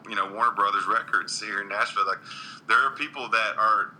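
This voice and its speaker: A man's voice: lowish voice, brisk, bright, forceful tone, a little hiss or hum, low-quality recording. A man, a country singer, chatting earnestly in an interview with frequent restarts and ums. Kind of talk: casual interview chat.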